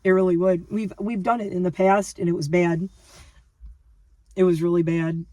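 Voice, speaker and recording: A woman's voice: fairly low pitch, steady tone, normal speed, dark tone, no echo, recorded from a distance. A woman in her fifties talking casually to her viewers, emphatic and repetitive, often restarting her sentences. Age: 50s. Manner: emphatic, repeats herself, restarts. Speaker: lifestyle vlogger. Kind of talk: casual rambling monologue to camera.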